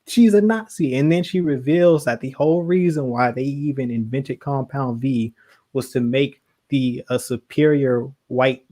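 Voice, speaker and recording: Animated man in casual chat. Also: mid-range voice. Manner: animated, laughing, quick asides. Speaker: podcast co-host.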